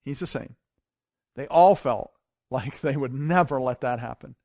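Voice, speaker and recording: A man preaching a sermon as pastor, telling stories with big swings from loud to hushed. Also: mid-range voice, measured pace, no echo, studio quality. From grew up on a farm. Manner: animated storytelling with wide swings in loudness.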